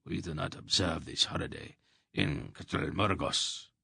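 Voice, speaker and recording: Male narrator as a curt, heavily accented warrior-merchant; deep, gravelly. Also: unhurried, pushed and bright, dry recording, clean studio sound, heavily acted. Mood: cold. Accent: heavy foreign accent. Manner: cold, terse. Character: cold scar-faced foreign male merchant.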